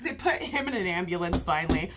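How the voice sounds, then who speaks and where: A woman's voice: lowish voice, fast, background noise. A woman co-hosting a casual talk show, telling a story with sarcasm, swearing and laughter, and acting out the people in it. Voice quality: animated, laughing storyteller who acts out others' voices. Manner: profane, sarcastic. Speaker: podcast co-host.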